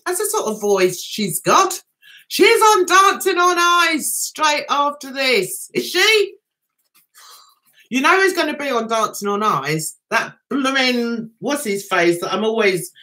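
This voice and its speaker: A chatty woman talking on a livestream, her high voice climbing and dropping with every reaction. Her tone is bright and sharp, and she keeps up an excitable patter as she answers viewers. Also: normal speed. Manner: chatty and excitable, reads viewer comments aloud. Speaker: livestream host. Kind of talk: casual livestream chat.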